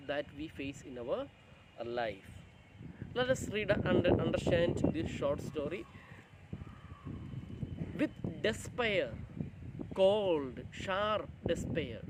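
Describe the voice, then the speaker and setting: A man's voice: sits high, a little hiss or hum, low-quality recording. A man teaching an English literature lesson, reading a story aloud and stopping to explain word meanings. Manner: reads a passage, then pauses to explain word meanings.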